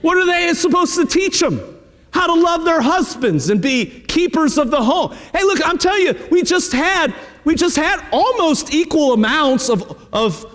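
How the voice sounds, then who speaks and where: A middle-aged man preaching from the pulpit, his voice sitting high for a man. He talks to the congregation plainly and directly, often leaning on a quick "hey." The sound rings with the long reverb of a church sanctuary. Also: fairly bright tone. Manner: conversational preaching, repeating "hey" and direct address. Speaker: pastor. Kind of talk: sermon.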